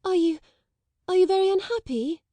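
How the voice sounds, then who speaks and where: A woman's voice: very high-pitched, expressive, slow, dark tone, no echo, pitched above the performer's own voice, heavily acted. Ermengarde, a stammering shy girl played by a woman. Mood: flustered. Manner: stammering, breathless, repeating words. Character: shy, stammering, plump schoolgirl.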